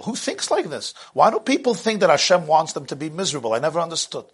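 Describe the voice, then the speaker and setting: A man giving a sermon as a religious teacher, animated, swinging from hushed asides to loud bursts and laughing at his own jokes. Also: a little high, fast, few pauses, slightly rough.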